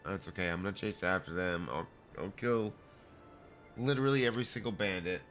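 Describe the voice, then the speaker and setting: A middle-aged man with a deep voice streams a game and reads its dialogue aloud. His tone is bright and forceful, full of wisecracks and self-deprecating jokes, with faint game music behind him. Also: animated, quick pace. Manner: joking, self-mocking, laughing asides. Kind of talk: casual gaming stream, reading dialogue aloud.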